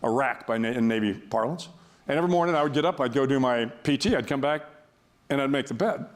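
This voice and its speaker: A man's voice: medium pitch, fast talker. An older man speaking as a guest before an audience, telling a story in a wry, self-deprecating way with frequent restarts.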